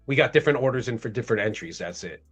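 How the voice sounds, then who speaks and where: A man's voice: mid-range voice, animated, very fast, fairly bright tone, slightly rough, lo-fi sound. A man hosting a trading livestream, upbeat and explaining his trades step by step in casual chat.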